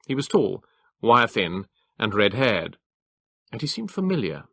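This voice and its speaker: Male audiobook narrator, low and bright, measured delivery, dry close sound. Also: sing-song, gravelly, no echo.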